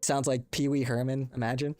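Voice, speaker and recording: A man's voice: medium pitch, little pitch movement, fairly quick, darkish tone, no echo, faint music behind. A young man hosting a casual livestream, rambling and swearing as he chats with viewers into a desk mic. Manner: rambling, profane, talks to chat. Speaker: livestream host. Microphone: desk microphone with compressor.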